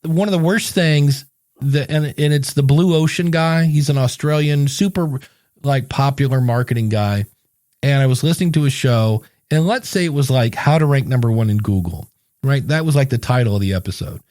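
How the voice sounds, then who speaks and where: This man co-hosts a podcast in a loose, rambling way and often slips into other people's voices to make a point. His voice sits at a middle pitch, and it is recorded close and dry with no room sound. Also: normal speed, a little mellow, dry recording. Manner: rambling storyteller, acts out quoted voices. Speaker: podcast co-host and coach. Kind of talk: casual podcast chat with sponsor reads.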